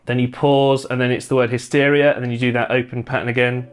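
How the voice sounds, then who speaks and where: A man teaching a guitar lesson, calmly talking through strumming patterns and chord shapes, stopping between explanations to demonstrate. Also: medium pitch, clean tone. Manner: relaxed, explaining step by step with pauses to play. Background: loud guitar playing between phrases.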